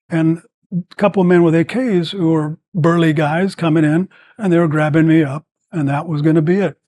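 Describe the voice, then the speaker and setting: A man's voice: on the high side, normal speed, no echo. Older man telling war stories. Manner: rambling, animated storyteller with many fillers. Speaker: guest, former combat medic. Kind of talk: storytelling in a podcast interview.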